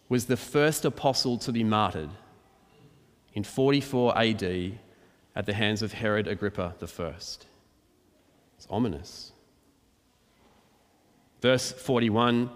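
Preacher in a big reverberant hall. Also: male voice, medium pitch. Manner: conversational, explains verse by verse, acts out quotes. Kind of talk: expository sermon.

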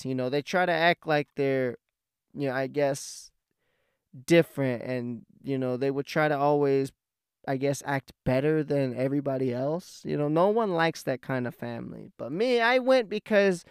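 A young man telling a rambling, profane story about his life in a casual, animated way. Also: medium pitch, a little slow, smooth, no room sound, studio quality. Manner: profane, rambling, animated when he gets heated.

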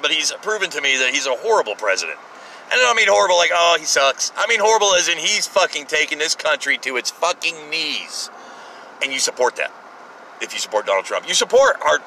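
A man in his thirties rants from behind the wheel, swearing freely and breaking off mid-sentence. His voice sits a little high and sounds bright and sharp. It is picked up from a distance inside a moving car, with faint road noise underneath. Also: creaky. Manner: profane, rambling, self-interrupting. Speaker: podcast host. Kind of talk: in-car rant podcast. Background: faint road and traffic noise.

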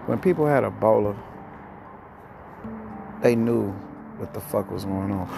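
A man's voice: fairly low pitch, animated, normal speed, gravelly, pauses often, over music. A man hosting a podcast, ranting heatedly with lots of profanity and a rambling flow, somewhat out of breath. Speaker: podcast host. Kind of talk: ranting monologue.

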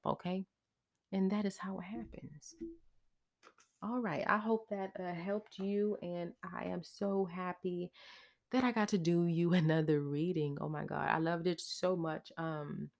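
A woman giving a casual tarot reading over a recording, reassuring the listener and tacking "okay?" onto nearly every phrase. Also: sits low. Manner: chatty and emotional, warm thanks. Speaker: tarot reader.

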